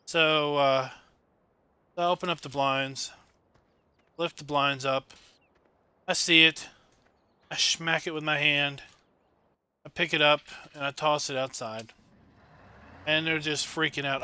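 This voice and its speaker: A man's voice: a little high, flat delivery, slow, long pauses, pushed and bright, clean tone. A man casually chatting and telling stories while streaming a farming game, rambling with lots of fillers. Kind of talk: casual gameplay chat and storytelling.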